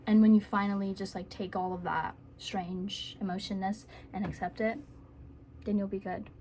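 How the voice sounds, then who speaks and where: A woman's voice: medium pitch, a little mellow, a little hiss or hum. A woman giving earnest, rambling self-help advice to camera in a casual vlog, with playful asides.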